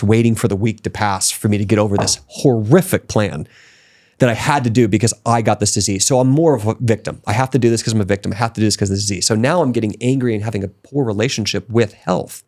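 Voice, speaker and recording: On a podcast, a male guest shares his personal story in a relaxed interview, speaking with motivational emphasis. His pitch is fairly low, and his excitement builds steadily throughout.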